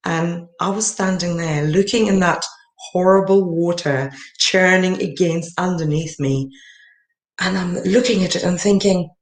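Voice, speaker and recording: A woman's voice: lowish voice, measured pace. A woman telling a personal story at a summit, earnestly and with many fillers. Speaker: summit speaker. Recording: echoey room.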